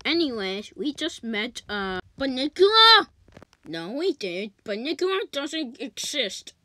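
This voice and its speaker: A woman's voice: a little high, sing-song, unhurried, a bit bright, dry recording. A woman voicing toy characters in a homemade cartoon, jokey and exclaiming. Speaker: fan video maker voicing toy characters.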